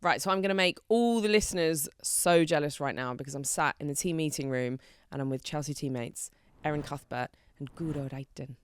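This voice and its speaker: A woman's voice: low-pitched, brisk, hardly any pauses, a little hiss or hum. A woman hosting a podcast, introducing the show and asking her guests questions in an upbeat way. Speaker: podcast host.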